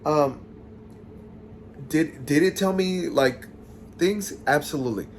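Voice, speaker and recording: A man casually retelling a listener's ghost story, chatty and expressive, with sassy asides to the audience. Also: on the high side, takes it slowly, long pauses, a little hiss or hum.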